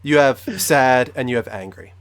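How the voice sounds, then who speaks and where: A man's voice: mid-range voice, moderate pace. Man explaining casually on a podcast. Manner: explaining, with frequent fillers. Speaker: co-host. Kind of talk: casual chat.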